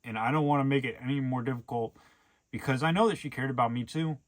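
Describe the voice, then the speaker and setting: A man's voice: medium pitch, fast. A young man talking earnestly in a rambling way, with lots of fillers, in a casual personal vlog monologue. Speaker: vlogger.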